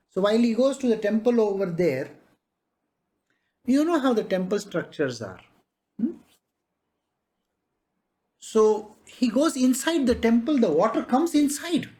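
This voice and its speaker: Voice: medium pitch, big pitch swings, mellow. A spiritual master giving a devotional discourse, telling a parable with frequent chuckles. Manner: slow storytelling, chuckling.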